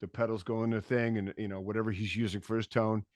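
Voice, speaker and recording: A man telling a story as a podcast guest in casual chat, animated, acting out quotes and swearing freely. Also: on the low side, fast talker, no echo, studio quality. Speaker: podcast guest, bass tech.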